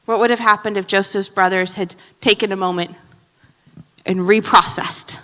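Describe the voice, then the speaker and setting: A woman pastor preaching a sermon in an animated way, moving between loud emphasis and hushed asides. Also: mid-range voice, normal speed, big-room sound. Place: church sanctuary.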